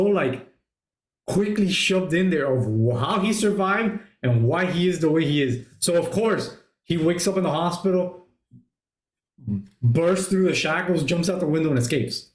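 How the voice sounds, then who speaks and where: Male host, casual film talk, lively profane storyteller, slightly high voice, echoey space. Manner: swears a lot, retells scenes excitedly. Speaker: podcast host. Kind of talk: casual movie review chat. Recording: roomy echo.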